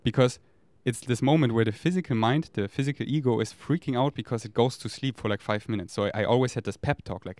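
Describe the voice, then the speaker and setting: A man's voice: mid-range voice, brisk, darkish tone, clean tone, no room sound. A man talks in a candid, rambling, profane confessional monologue. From Germany. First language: German. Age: 30s. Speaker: vlogger.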